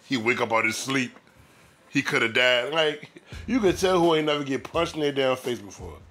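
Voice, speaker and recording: A man's voice: mid-range voice, moderate pace, pushed and bright, soft background music. A man giving casual commentary on a clip in a blunt, profane and incredulous way.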